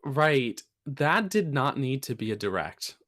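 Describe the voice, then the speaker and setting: A man's voice: mid-range voice, very animated, measured pace, fairly bright tone. A man co-hosting a casual podcast, talking in a chatty, rambling way with fillers and restarts, getting emphatic when he makes a point. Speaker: podcast co-host.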